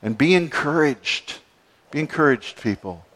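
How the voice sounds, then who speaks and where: A male pastor preaching a sermon, expressive, moving between soft, low passages and emphatic lifts. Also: measured pace. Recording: long hall reverb.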